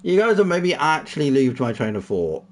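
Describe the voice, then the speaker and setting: A man's voice: mid-range voice, big pitch swings, a little fast. A young man talking casually to his livestream chat, moving from a somber farewell talk to exasperated, heavily swearing outbursts. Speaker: streamer.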